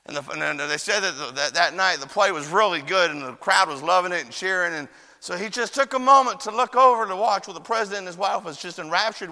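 A high-pitched preacher with a gravelly, sharp edge tells his story from the pulpit. He moves from quiet, confiding asides to full-throated shouts. His voice rings out through the long reverb of a church hall. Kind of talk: sermon. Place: church chapel.

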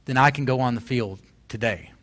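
A man's voice: mid-range voice, brisk, a bit bright. A man in his forties preaching a sermon as pastor, telling stories and building to emphatic exhortation. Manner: storytelling, rising to emphatic exhortation.

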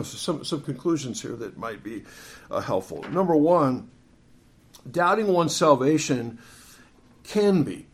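A man's voice: mid-range voice, slight background noise. A man preaching an expository sermon, reading scripture aloud and restarting his phrases often as he teaches. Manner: earnest, reads scripture aloud, frequent restarts.

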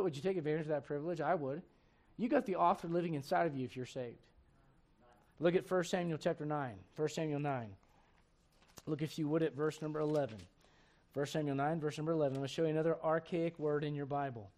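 A man with a high-pitched voice preaching a midweek Bible study sermon. He reads scripture aloud and climbs in pitch and volume when he drives a point home. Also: fast talker. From raised in a Spanish-speaking home. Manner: animated, rising and loud on emphatic points, reads scripture aloud. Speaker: pastor.

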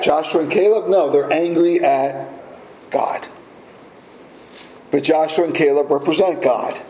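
A man's voice: on the high side, warm tone, a little hiss or hum. A man preaching a sermon as pastor, emphatic and fond of rhetorical questions. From United States. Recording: roomy echo, faint ambience.

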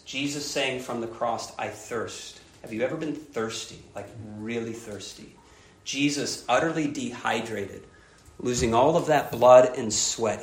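A man preaching a sermon, emphatic, repeating key phrases and dropping soft on grave points. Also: mid-range voice, echoey room. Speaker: pastor.

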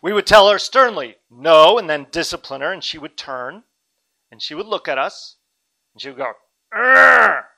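A man's voice: a little high, expressive, brisk, sharp tone, poor audio. A man in his thirties preaching a sermon as a pastor, earnest and dynamic, with friendly asides to his congregation.

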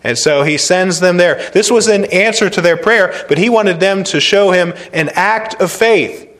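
A male pastor delivers a sermon in a somewhat high voice. He preaches with emphasis, repeating phrases and swinging from loud stressed words to quiet, slow points.

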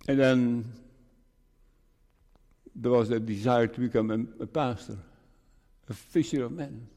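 Older man, pastor, earnest sermon, mid-pitched voice, long church reverb. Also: steady tone, unhurried, mellow. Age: 60s. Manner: earnest, repeats phrases for emphasis. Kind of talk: farewell sermon. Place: church sanctuary.

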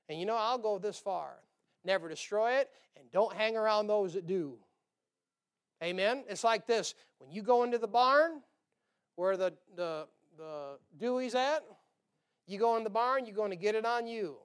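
A man's voice: high voice, normal speed, clean tone. A male pastor preaching a sermon in a folksy, joking way, chuckling and firing rhetorical questions at the congregation. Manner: chuckles between points.

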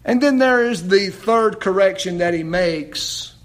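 A man preaching a sermon, building to near-shouts and then dropping low and quiet. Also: a little slow, few pauses, a little hiss or hum. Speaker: pastor.

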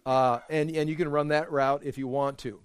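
A man's voice: on the high side, steady tone, moderate pace, smooth, dry recording. Man teaching a verse-by-verse bible study. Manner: explanatory, repeats words while thinking aloud.

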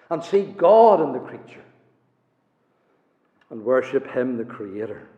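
Impassioned preacher, high lively voice. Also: male voice. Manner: impassioned, swings between soaring and hushed. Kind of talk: sermon. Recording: echoey hall, dull lo-fi sound.

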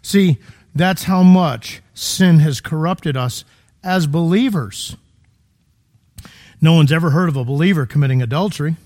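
A man's voice: fairly high pitch, measured pace, pauses often, a little mellow. A man preaching a sermon in a conversational, emphatic way, full of rhetorical questions, in a church.

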